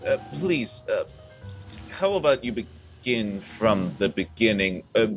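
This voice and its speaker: A man playing a tabletop game, speaking in a halting, polite way in character. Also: fairly low pitch, very animated, soft background music. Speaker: player.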